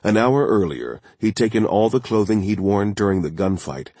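Male thriller narrator, very low, husky, steady, dry booth sound. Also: moderate pace, no room sound. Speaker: audiobook narrator.

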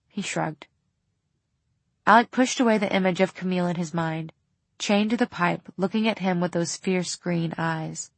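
A woman reading an audiobook in a measured, low-key narration style. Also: no room sound.

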